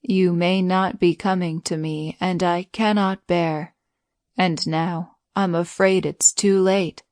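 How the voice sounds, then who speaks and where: A woman doing an ailing beast, gentle, slow, soft, storybook. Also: fairly low pitch, level tone, no echo. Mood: weary.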